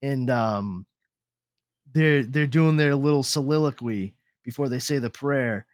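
In a dry, studio-quality recording, a man with a mid-range voice hosts a podcast at a slightly slow pace. He rambles casually, swears a lot, and often trails off mid-sentence.

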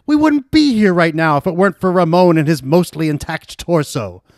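A man's voice: a little high, moderate pace, no room sound, studio quality. A man doing a campy, flamboyant convict. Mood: theatrical. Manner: showy, animated pleading. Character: campy, theatrical male convict, flamboyant and kind.

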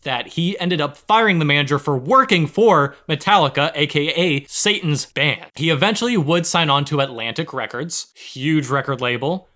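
A man tells a story in a relaxed podcast chat. His voice sits a little high and sounds bright and forceful. He jokes and swears freely as he goes. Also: normal speed, hardly any pauses. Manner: profane, jokey storyteller. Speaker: podcast co-host.

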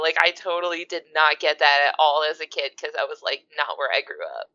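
Giggly woman from the east coast, bright voice, kinda dull lo-fi mic, says like a lot. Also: low-pitched, lively intonation, fast, hardly any pauses. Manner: giggly, talks with many "like" fillers. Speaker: podcast co-host. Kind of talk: casual podcast chat. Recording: dull, lo-fi sound.

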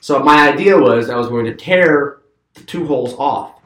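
A man's voice: mid-range voice, normal speed, a bit bright, echoey room. A man casually telling a long story among friends, rambling, repeating words and laughing as he goes.

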